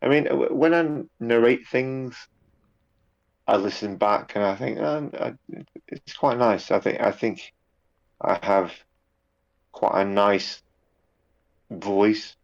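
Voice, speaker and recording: Low gravelly man, lo-fi chat. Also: slow pace, long pauses. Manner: relaxed, rambling with repeats and fillers. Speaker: guest, YouTube narrator. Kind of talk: casual interview chat.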